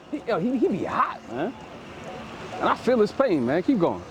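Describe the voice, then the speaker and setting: A man's voice: sits high, moderate pace, long pauses, slight background noise. A man preaching outdoors, explaining scripture in loose street slang and tagging phrases with "man". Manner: lively and emphatic, paraphrases scripture in street speech.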